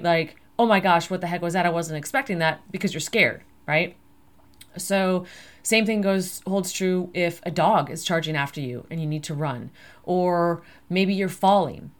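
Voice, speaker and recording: A middle-aged woman hosts a casual health podcast, her voice sitting a little low. She chats freely and jumps into panicked inner voices to make her points. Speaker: podcast host.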